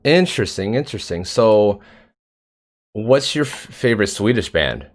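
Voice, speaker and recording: A man hosts a casual livestream interview with a very animated, swooping voice. He swears freely and breaks off to read out chat messages and thank viewers. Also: fairly low pitch, moderate pace. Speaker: stream interview host.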